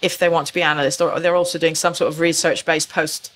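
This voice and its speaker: A woman's voice: low voice, flat delivery, quick pace, a bit bright, slight background noise. A woman recruitment consultant speaking as a podcast guest, explaining fluently and confidently. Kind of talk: podcast interview.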